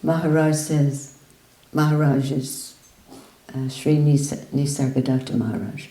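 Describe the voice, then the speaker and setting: A woman giving a spiritual talk in an ashram hall, telling an anecdote in a slow, storytelling way. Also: a bass voice, steady tone, mellow. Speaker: spiritual speaker. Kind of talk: talk with readings.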